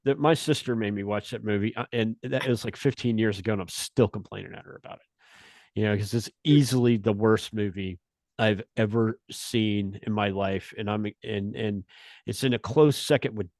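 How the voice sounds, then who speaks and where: A man's voice: lowish voice, moderate pace, darkish tone, no room sound, studio quality. A man chatting as a podcast guest, telling a story in an easygoing way, full of "you know" and restarts. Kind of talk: casual chat.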